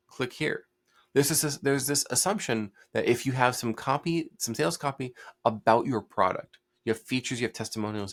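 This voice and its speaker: A man's voice: mid-range voice, fairly bright tone. A man hosting a solo talk, blunt and commanding in his advice. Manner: blunt, commanding, mocks hesitant speech with put-on hedging. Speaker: host. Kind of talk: solo commentary on persuasion.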